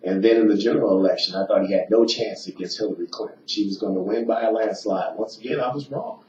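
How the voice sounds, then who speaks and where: A man's voice: lowish voice, fast, a little mellow. A man from the eastern United States hosting a political talk show, speaking emphatically and rambling with frequent "uh"s and restarts. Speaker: radio show host. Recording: roomy, distant, dull, slightly noisy.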